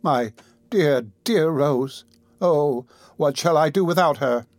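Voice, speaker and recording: Slow trembly old aunt, soft and sad, man reading her, dry sound. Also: a little high, no room sound. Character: anxious elderly aunt, tender and grieving.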